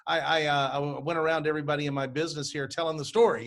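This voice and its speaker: A man's voice: fairly high pitch, a bit bright. Friendly man hosting an interview. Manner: friendly, halting, repeats words. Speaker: podcast host. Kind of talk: casual interview chat.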